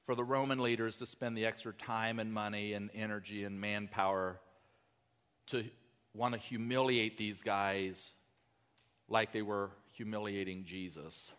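A man's voice: fairly low pitch, a bit bright, clear, resonant tone, long reverb tail. A male pastor giving a sermon, speaking in a conversational, emphatic way with asides to the congregation.

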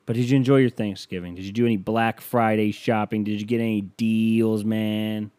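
Man, podcast host, low-pitched, sarcastic rant, dry close mic. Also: fairly even intonation, normal speed, a little mellow, smooth, dry recording. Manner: sarcastic ranting, acts out quoted people. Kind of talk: casual comedic monologue.

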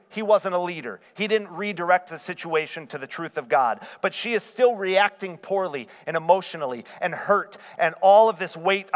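A man's voice: a little high, fairly bright tone. A man preaching a sermon, asking his congregation rhetorical questions. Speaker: pastor. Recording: long reverb of a hall.

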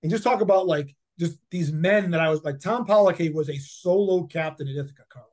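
A man's voice: fairly high pitch, brisk, a little mellow. A man in his fifties, a head football coach, telling stories in a casual interview, rambling with many fillers and repeated words. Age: 50s.

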